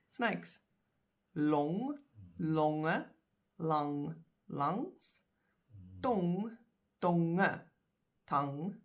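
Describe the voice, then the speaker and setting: Slow, low-voiced woman teaching vocabulary. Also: fairly bright tone. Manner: slow, careful, repeats words in pairs. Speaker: language teacher. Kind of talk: explaining vocabulary in a video lesson.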